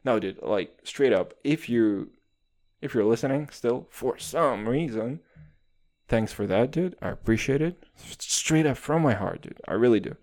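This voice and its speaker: A young man in his twenties riffs alone on his podcast, loose and profane, tossing "dude" into almost every phrase. His voice swings widely up and down in pitch as he rambles, animated and unguarded. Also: unhurried. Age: 20s. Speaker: podcast host. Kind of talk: casual podcast monologue.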